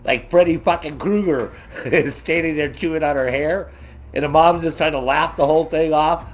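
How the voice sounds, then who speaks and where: Profane ranting man, higher voice. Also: fairly even intonation, normal speed. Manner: profane, ranting, laughs often. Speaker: gaming streamer. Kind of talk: casual gameplay commentary.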